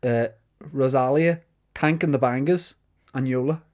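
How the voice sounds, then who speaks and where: A man's voice: medium pitch, measured pace, darkish tone. A man co-hosting a podcast in casual banter, teasing his co-host and reading out lists. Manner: teasing, joking, reads out lists.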